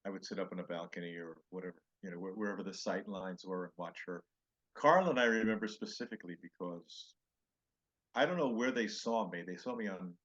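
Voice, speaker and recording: An older man, a comedian guest, telling animated show-business stories in an interview and acting out the quoted lines. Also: deep voice, lo-fi sound. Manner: animated anecdotes with acted-out quotes. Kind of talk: storytelling interview chat.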